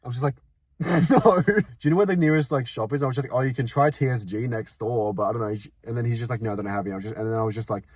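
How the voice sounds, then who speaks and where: A man's voice: mid-range voice, very fast, a little mellow, dry recording. Joking young man in casual chat. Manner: joking, laughs often, chimes in with wisecracks. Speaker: co-host.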